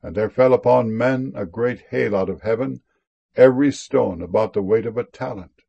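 A man giving a solemn scripture reading, with measured, deliberate phrasing and slow, emphatic stresses. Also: medium pitch, creaky, warm tone, husky, highs cut off.

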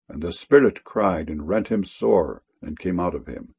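A man giving a measured, solemn scripture reading in archaic wording. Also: sits low, expressive, vocal fry, a little mellow, husky, muffled recording.

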